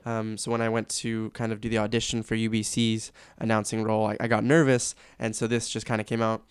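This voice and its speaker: Young canadian guy, chatty and candid, clean smooth voice. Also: fairly low pitch, monotone, quick pace, dry recording. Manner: candid, chatty, easily laughing. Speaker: guest, sports announcer. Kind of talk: casual interview chat.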